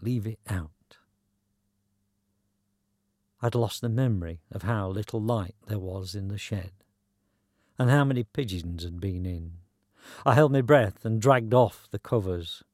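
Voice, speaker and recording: A man's voice: lowish voice, normal speed, a little mellow, no echo. Man telling a wry story. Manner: dry, wry, conversational narration.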